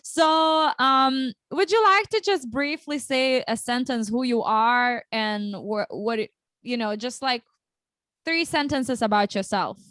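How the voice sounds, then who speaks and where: A woman's voice: fairly high pitch, slow, fairly bright tone, no room sound. A woman hosting a casual livestream interview, chatty and upbeat, often restarting her sentences. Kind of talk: casual chat.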